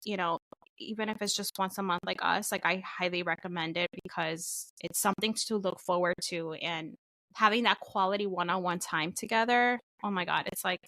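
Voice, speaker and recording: A woman's voice: on the low side, brisk, no room sound. A young woman co-hosting a podcast in casual chat, talking easily about her own relationship. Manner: warm supportive backchannels. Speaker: podcast co-host.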